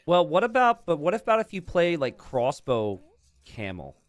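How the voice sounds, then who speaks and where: A young man calls a strategy game match as its commentator. He talks in a lively, chatty way and laughs easily, and his pitch moves up and down a lot. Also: normal speed, no echo. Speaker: esports caster.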